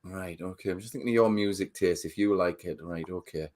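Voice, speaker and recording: A man's voice: low-pitched, a little fast, crowd noise. A young British man co-hosting a casual podcast, laid-back and laughing, swearing freely as he answers quiz questions. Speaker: podcast co-host. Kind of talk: casual chat.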